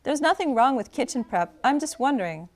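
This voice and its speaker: A woman's voice: high-pitched, expressive, brisk. A woman reading the part of a frank, curious teenage girl student, asking earnest, pointed questions.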